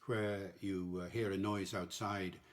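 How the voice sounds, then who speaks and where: An older man from Wales, a linguist explaining ideas in a measured way during a relaxed podcast discussion. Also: sits low. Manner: measured, explanatory, with ready laughs. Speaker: linguist guest. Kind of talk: casual discussion.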